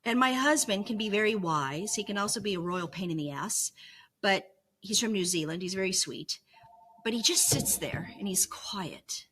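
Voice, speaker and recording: A woman's voice: mid-range voice, animated, normal speed, fairly bright tone, breathy edge. Middle-aged woman, candid home vlogger, confessional with wry humor, mid-range voice. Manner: earnest and confessional, with self-mocking humor. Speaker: vlogger sharing her illness recovery. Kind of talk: candid personal vlog monologue. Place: home bedroom.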